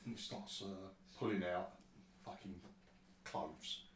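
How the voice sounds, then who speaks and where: A low-voiced man runs a tabletop game, rambling and swearing as he narrates. The room sounds echoey, and he is picked up from some distance away. A faint ambience hums in the background. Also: takes it slowly, a little hiss or hum. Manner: rambling and sweary, with many restarts. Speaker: game master.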